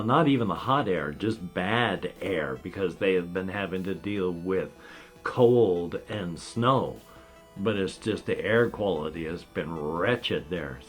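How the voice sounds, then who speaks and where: A man in his fifties talking in a rambling, casual vlog monologue, wry and meandering, with a slight whistle from dentures. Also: fairly low pitch. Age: 50s. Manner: meandering, wry gallows humor, trailing off. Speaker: vlogger.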